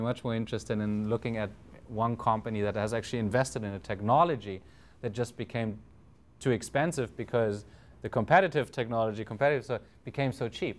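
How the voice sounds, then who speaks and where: A man's voice: fairly low pitch, a little fast. A man with a German accent giving a conference talk, hesitant, with many fillers and restarts. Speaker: panel speaker.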